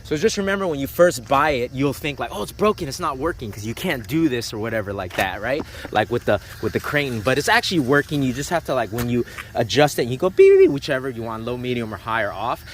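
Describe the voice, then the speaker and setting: A man's voice: medium pitch, expressive, quick pace, few pauses, a little hiss or hum. A man casually demonstrating and reviewing remote-control cars, rambling with lots of fillers and making little sound effects. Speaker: RC car reviewer. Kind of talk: casual unboxing demo.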